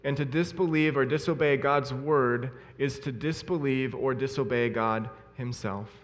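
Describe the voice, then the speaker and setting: Male preacher, mid pitch, earnest and emphatic sermon delivery, long reverb of a church hall. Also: steady tone, a little slow. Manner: earnest, emphatic, repeats key phrases.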